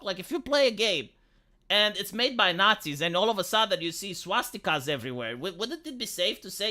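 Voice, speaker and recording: A woman with a Romanian accent and a squeaky voice, ranting heatedly on a casual live stream and often stumbling over repeated words. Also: animated, brisk, bright, forceful tone. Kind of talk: casual livestream chat.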